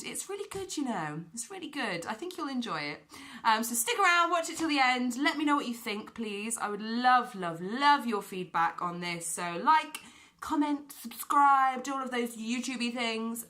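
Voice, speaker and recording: A woman's voice: on the high side, sharp tone. A young British woman hosting a casual student chat show, chatty and self-mocking, with ums and little laughs. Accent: British English. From Britain. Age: young adult. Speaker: talk show host.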